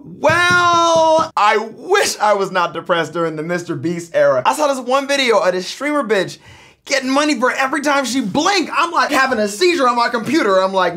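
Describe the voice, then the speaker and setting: In a laid-back confessional vlog, a male YouTuber addresses the camera directly, cursing animatedly as he shifts from loud bursts to quiet muttering.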